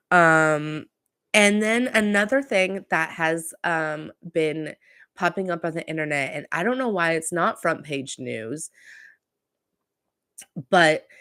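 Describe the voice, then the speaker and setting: A woman's voice: deep voice, fairly bright tone, no echo, studio quality. A woman from Southern California hosting a casual pop culture podcast, rambling chattily with fillers and self-corrections. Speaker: podcast host.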